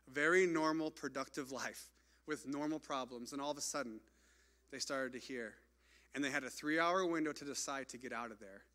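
A man's voice: fairly high pitch, bright, forceful tone. A man on a stage, telling a mission trip story in a chatty way, full of "like" and restarts. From United States. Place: stage in front of an audience.

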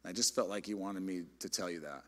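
A middle-aged man, a pastor, preaching a sermon in a conversational, animated storytelling way. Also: low voice, fast talker. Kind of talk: sermon with personal stories.

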